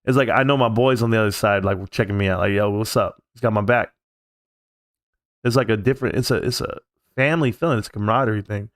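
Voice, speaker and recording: A man's voice: fairly low pitch, fast talker, no echo, clean studio sound. Man hosting a heartfelt home stream. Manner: heartfelt, rambling and reflective. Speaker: live-stream host. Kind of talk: casual live-stream talk. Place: at home, alone.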